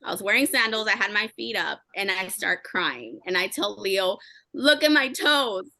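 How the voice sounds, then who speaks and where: A young woman sharing a candid, emotional story with her team in fast, chatty talk. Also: medium pitch, creaky, sharp tone, no echo. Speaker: team member sharing advice. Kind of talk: candid motivational chat.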